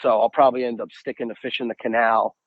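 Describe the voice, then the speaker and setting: A young American man who fishes tells lively stories at a quick pace as a podcast guest, peppering them with "I'm like" and slipping into the voices of the people he quotes. His pitch is average, and the recording is dry and somewhat muffled.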